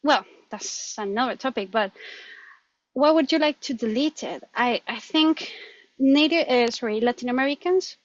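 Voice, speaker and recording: Woman, Colombian accent, Spanish native speaker, animated interview chat, slightly high pitch, dull lo-fi sound. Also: moderate pace, dry recording. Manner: animated, laughs often, restarts words. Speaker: guest. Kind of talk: conversational interview.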